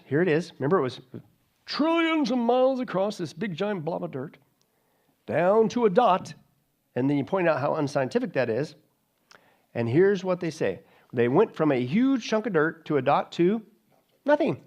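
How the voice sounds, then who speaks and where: Man, pastor, sermon, sarcastic emphasis, lively swooping pitch, fairly high voice. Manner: emphatic, sarcastic, mocking asides.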